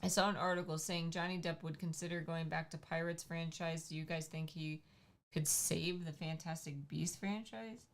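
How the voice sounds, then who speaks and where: A woman's voice: deep voice, steady tone, normal speed. A woman co-hosting a livestream, chatting casually in a teasing, playful way and jumping between topics. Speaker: livestream co-host. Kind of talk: casual chat.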